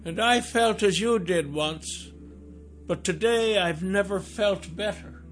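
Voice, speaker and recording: A man voicing a tall, mysterious woman in black robes who is over a hundred years old, warm and soothing. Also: sits high, takes it slowly, faint music behind, pitched above the performer's own voice. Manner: gentle, coaxing.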